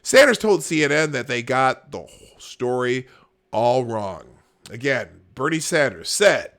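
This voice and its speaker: A male podcast host riffs on the news in a casual, sarcastic way. His pitch swings widely, and his voice has a bright, forceful edge. He laughs between lines and drops to a mumble before bursting out louder. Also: expressive, unhurried. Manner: sarcastic, laughing, jumps between mumbling and loud mock outrage. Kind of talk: casual political commentary, reading headlines and tweets aloud. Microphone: camera and desk mic, live stream.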